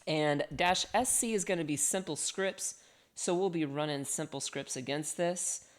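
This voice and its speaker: A woman's voice: sits low, moderate pace. A woman instructor chatting playfully through a live-streamed hacking walkthrough, reading comments aloud and joking between technical steps. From part Colombian, part Italian heritage.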